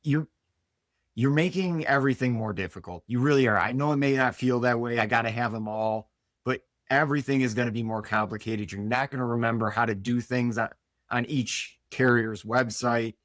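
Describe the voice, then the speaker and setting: A man's voice: medium pitch, normal speed, fairly bright tone, dry recording, studio quality. A man with a US Northeastern accent on a panel, talking in an earnest, emphatic way and laughing easily. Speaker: co-host. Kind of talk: casual panel talk.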